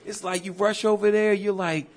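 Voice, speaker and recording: A man co-hosting a podcast, telling stories in loose, animated casual chat full of slang and swearing. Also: high-pitched, normal speed. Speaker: podcast co-host.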